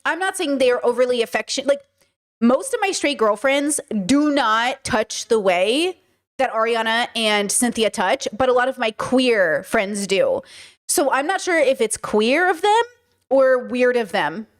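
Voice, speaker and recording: A woman's voice: fairly high pitch, lively intonation, measured pace. A woman hosting a podcast, giving frank, casual commentary full of "like" and "okay" and the odd swear word. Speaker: podcast host reacting to clips.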